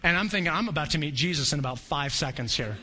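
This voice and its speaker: A man preaching a sermon, telling a personal story with animated storytelling and acting out voices. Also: on the high side, quick pace. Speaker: pastor.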